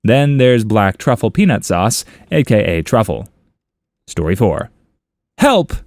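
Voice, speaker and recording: A man's voice: a little slow, no echo, clean studio sound. A man narrating online comments aloud for a story channel, in a playful, amused reading. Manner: playful, amused reading with lively pitch swings.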